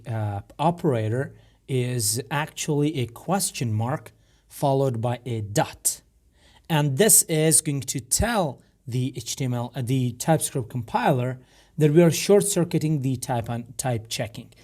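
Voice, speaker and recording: A man with a rough, gravelly voice, explaining a coding tutorial step by step with frequent fillers and restarts. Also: mid-range voice, expressive, a little slow, darkish tone. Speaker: programming instructor. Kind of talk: screen-recorded coding tutorial.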